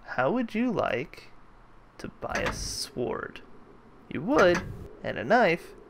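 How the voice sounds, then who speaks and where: A man's voice: high voice, very animated, slow pace, vocal fry, noisy background. A man hosting a let's play, giving casual, jokey gameplay commentary and thinking aloud as he plays.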